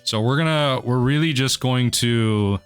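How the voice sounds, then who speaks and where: Man, card game commentary, unhurried pace, swings from low muttering to loud excited shouts, soft music under. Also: clear, resonant tone. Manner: mutters low then erupts into excited yelling. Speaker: gaming video host.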